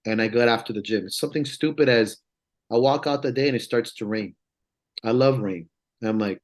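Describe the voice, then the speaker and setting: A man's voice: mid-range voice, brisk. A man talking as a strength coach on a podcast, in a casual, earnest way. He is emphatic and rambling, and he swears freely as he makes his points.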